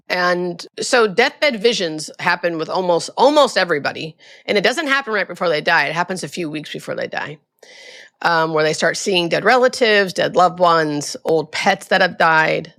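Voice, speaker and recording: Animated woman telling nurse stories. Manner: animated, acts out quoted voices with high pitch jumps. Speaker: hospice nurse guest. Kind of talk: conversational storytelling interview.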